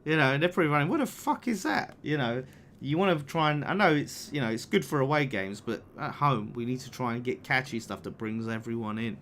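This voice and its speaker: Young guy hosting a football watchalong, bright punchy voice, swears, yelling at corners. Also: mid-range voice, fast talker, slight background noise. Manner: chatty, swears, reacts loudly to the game and reads super chats. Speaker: fan channel watchalong host. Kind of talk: live match watchalong commentary.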